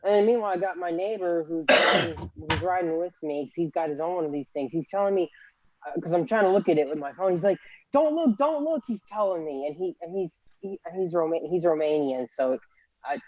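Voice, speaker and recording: A man's voice: on the high side, a little fast, no echo, highs cut off. A young man in casual chat, telling a story animatedly and acting out quotes, laughing often.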